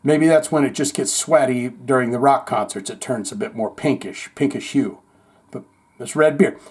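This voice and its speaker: A man's voice: medium pitch, moderate pace, a little mellow, slightly rough. A man hosting a comedic news podcast, reading stories aloud and breaking in with jokey asides. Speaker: podcast host.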